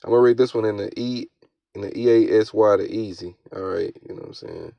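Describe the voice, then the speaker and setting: A man giving casual, slang-heavy scripture commentary, often tagging his lines with "all right?" and reading verses aloud slowly. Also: on the low side, gravelly, no echo. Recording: dull, lo-fi, dry sound.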